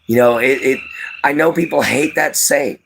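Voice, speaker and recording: A man's voice: mid-range voice, normal speed, gravelly, noisy background. Tired, rambling man with a light Cajun accent. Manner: folksy, rambling, many fillers. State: tired from lack of sleep. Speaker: live-stream host. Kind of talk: casual live-stream chat.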